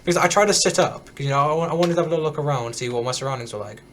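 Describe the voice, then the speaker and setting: A teenage boy tells a story as he games, words tumbling out fast in a loose, rambling stream. He restarts his sentences often and leans on fillers. A faint hiss sits under his voice. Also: a little high, a bit bright. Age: teens. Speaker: gaming streamer. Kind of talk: casual storytelling while gaming.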